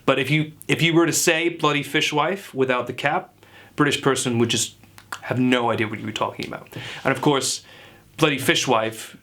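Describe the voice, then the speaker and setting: A man's voice: mid-range voice, steady tone, normal speed, a bit bright, lightly acted. A man playing a self-assured but clueless dialect coach, who lectures earnestly like an expert in a parody tutorial.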